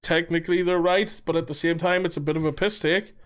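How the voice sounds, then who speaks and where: A man's voice: fairly high pitch, steady tone, fast talker, clean tone. A young man co-hosting a casual podcast. He rambles through his points with plenty of fillers and casual swearing. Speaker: podcast co-host. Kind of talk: casual chat.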